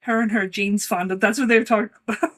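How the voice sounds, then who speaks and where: A woman's voice: mid-range voice, fairly even intonation, quick pace. A woman co-hosting a casual chat, rambling and giggling often. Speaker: co-host.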